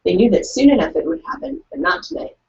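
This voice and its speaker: A woman's voice: a little high, expressive, quick pace, vocal fry, mellow, distant mic. A young woman co-hosting a live online writing session, chatting casually and reading out excerpts in an upbeat, plain voice. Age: young adult. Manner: upbeat, reads quotes in a plain voice. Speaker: co-host of a virtual writing event. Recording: muffled, from away from the mic.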